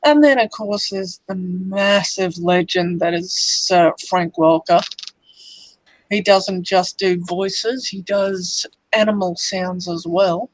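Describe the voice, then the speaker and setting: A woman chatting on a livestream, talking as an enthusiastic fan in an unhurried, thoughtful way. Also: fairly low pitch, no echo, rough recording. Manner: slow, enthusiastic fan talk. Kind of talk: casual chat on a livestream.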